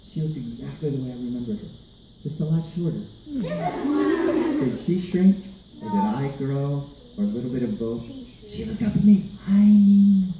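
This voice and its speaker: A man telling a personal story to children at a live event, animated and asking the audience questions. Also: mid-range voice, moderate pace, long pauses. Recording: roomy, distant mic, light background noise.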